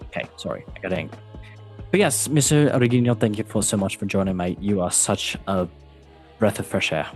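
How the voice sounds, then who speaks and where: A man's voice: on the low side, moderate pace, soft background music. Playful man hosting a quiz show. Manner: playful, self-mocking, animated swings. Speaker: show host and quizmaster. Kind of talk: casual online show chat.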